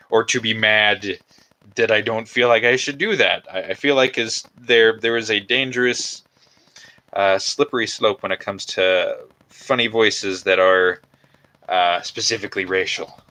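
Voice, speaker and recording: A man's voice: fairly low pitch, unhurried, bright, forceful tone, rough recording. A man chatting casually on a livestream while he builds a costume by hand, rambling and chatty with lots of fillers. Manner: talks while working with his hands. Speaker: cosplay maker streaming his build.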